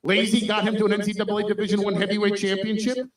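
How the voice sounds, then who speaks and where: A man's voice: high-pitched, level tone, very fast. A man hosting a wrestling podcast, telling stories in an emphatic, conspiratorial way. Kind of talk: casual chat. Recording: echoey room, far from mic.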